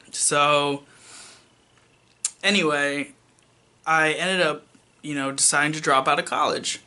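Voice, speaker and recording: A young man recounts his own story to the camera in a loose, rambling way, stumbling through fillers and restarts. His voice is very bright and sharp, and he drops in dry, self-mocking asides as he goes. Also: on the high side. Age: young adult. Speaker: vlogger. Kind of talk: casual personal storytelling.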